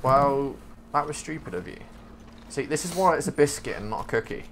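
A man's voice: medium pitch, sing-song, brisk, a little hiss or hum. A man playing a game with a friend, teasing him dryly and mock-arguing in casual chat. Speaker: co-op game player. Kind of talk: casual gaming banter.

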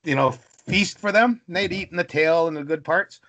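Gravelly man telling a story. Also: fairly high pitch, moderate pace, lo-fi sound. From British Columbia, Canada. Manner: animated, dramatic storyteller acting out voices. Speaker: interview guest. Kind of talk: storytelling in conversation.

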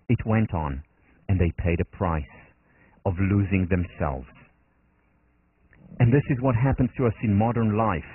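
A man's voice: fairly low pitch, big pitch swings, normal speed. A man with an Israeli accent giving a university lecture, explaining earnestly and acting out quotes in his examples. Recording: dry, phone-like narrow band.

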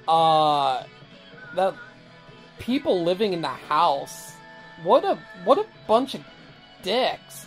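A sleepy vlogger casually recapping an anime episode, rambling and swearing freely with lots of fillers. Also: mid-range voice. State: sleepy, barely awake.

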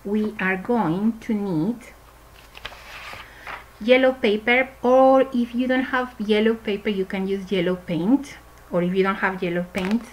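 A woman's voice: medium pitch, low-quality recording. A woman teaching a craft lesson to preschool children, talking cheerfully in a simple, sing-song way.

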